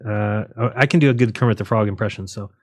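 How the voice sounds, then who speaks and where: A man's voice: lowish voice, fast, a little mellow, dry recording, clean studio sound. Man rambling on a joking livestream. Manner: rambling, joking, laughs at his own jokes. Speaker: livestream host. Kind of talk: casual rambling livestream chat.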